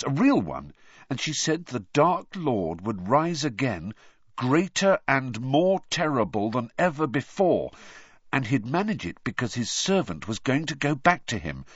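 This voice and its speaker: A man's voice: mid-range voice, slightly rough, no room sound, voice pushed up. A man voicing an earnest, troubled teenage boy wizard in a raised, urgent voice, on a dull lo-fi recording.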